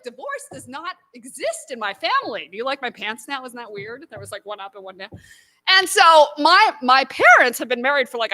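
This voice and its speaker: Brief: bright, high-pitched woman comic telling a personal story on stage, acting out her voices. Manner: animated, acts out her own inner voices. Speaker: stand-up comedian. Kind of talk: stand-up storytelling. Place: small live venue.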